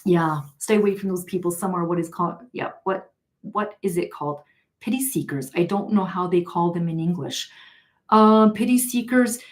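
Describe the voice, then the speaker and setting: A woman's voice: lowish voice, fairly even intonation, brisk, darkish tone. A woman hosting a tarot live stream, telling a story in a casual, chatty way and often laughing as she reads viewer comments. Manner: chatty, laughs often, many fillers and restarts.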